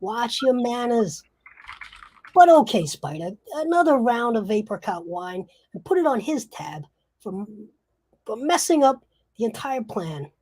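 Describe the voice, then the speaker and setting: A woman doing a boisterous, blustering crook in a fantasy tabletop game. The voice is raised and loud, pushed well above her own pitch, and slow, with a husky, mellow tone. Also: very animated. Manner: boisterous, exclaiming.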